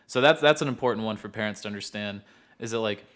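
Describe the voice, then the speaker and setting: A man's voice: on the low side, fast talker, fairly bright tone. A man co-hosting a podcast, talking loosely about his work with autistic clients, with many filler words. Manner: rambling, loose, lots of filler words and laughs. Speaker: podcast co-host who works with autistic clients. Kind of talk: casual podcast chat.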